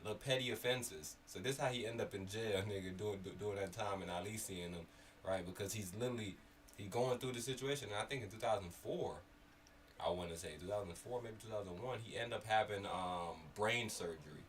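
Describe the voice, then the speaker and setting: A man from Miami tells long, animated stories in casual chat, swearing freely and acting out what others said. When worked up he gets loud. He sits a bit back from the mic, with a faint hum of noise behind him. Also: fairly low pitch, fairly quick. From Miami area. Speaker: podcast co-host. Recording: slightly distant mic, faint background noise.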